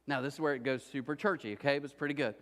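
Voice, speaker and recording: A man preaching a sermon as a pastor, telling a story with lively quoted voices before easing into soft, earnest prayer. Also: medium pitch, rapid-fire. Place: church auditorium, indoors. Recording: long hall reverb.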